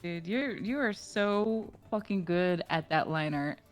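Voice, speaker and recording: A woman guest streamer in casual chat, giving supportive, quick reactions. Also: lowish voice, animated, faint music behind.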